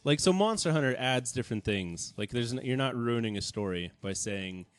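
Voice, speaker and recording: A man's voice: normal speed, clean tone, no echo. A young man co-hosting a podcast, chatting casually about video games and laughing often. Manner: chatty, laughs often, jumps up in pitch when excited. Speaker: podcast co-host.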